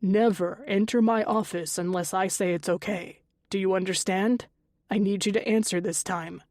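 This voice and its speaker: A calm father figure who lays down rules patiently and evenly, strict underneath, read by a woman narrator. Her voice stays close to her own, in a dry, close recording. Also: mid-range voice, moderate pace, no room sound, lightly acted. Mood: firm. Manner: patient, lecturing, gently firm. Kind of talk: audiobook character voice.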